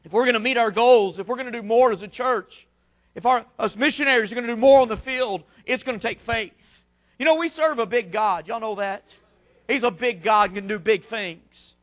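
A man, a missionary preacher, delivering an impassioned sermon with repetitive cadences that build to shouted peaks. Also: extremely high pitch, moderate pace.

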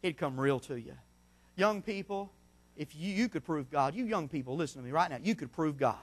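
A middle-aged man preaching a sermon in a church, telling folksy stories and swinging between shouts and hushed asides. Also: on the high side, lively intonation, brisk. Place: church sanctuary.

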